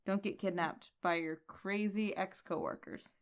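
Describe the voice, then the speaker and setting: Calm, even-handed woman co-hosting. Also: medium pitch, unhurried, smooth. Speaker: podcast co-host. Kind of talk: casual comics recap chat.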